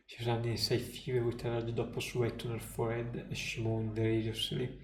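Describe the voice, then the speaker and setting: A man reads game story text aloud in a slow, somber way, his voice gravelly and dark. The delivery stays fairly flat, and the roomy room carries faint music behind him. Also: mid-range voice, a little hiss or hum. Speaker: streamer.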